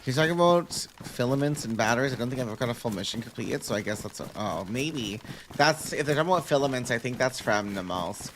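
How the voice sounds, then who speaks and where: A man's voice: mid-range voice, animated, quick pace. A man streaming a game live, chatting casually with viewers and thinking aloud as he plays, with the odd hum between sentences.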